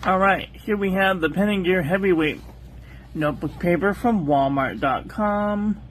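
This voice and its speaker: Slow, soft-spoken woman testing paper. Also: lowish voice, slight background noise. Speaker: calligraphy channel host. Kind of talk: calm ink-on-paper test review.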